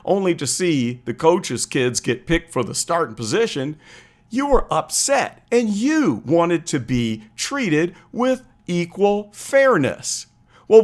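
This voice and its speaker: A man from Chicago hosting a live stream, explaining political drama earnestly and acting out little scenes as he tells them. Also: fairly high pitch. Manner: earnest, storytelling with acted-out quotes. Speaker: political commentary host.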